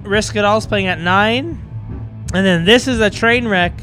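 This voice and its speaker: Rambling drunk man with a bright voice. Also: high-pitched, moderate pace, soft background music. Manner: rambling, heavy swearing, laughs a lot. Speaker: band member, podcast guest. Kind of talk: casual drunk podcast chat.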